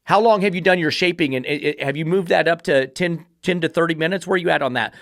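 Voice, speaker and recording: A man with a fairly high voice rants on his dog-training podcast, sarcastic and exasperated, cursing as he tears into an article. The sound is dry and close, with no room around it. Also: quick pace, hardly any pauses, fairly bright tone, dry recording. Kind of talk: podcast rant reviewing an article.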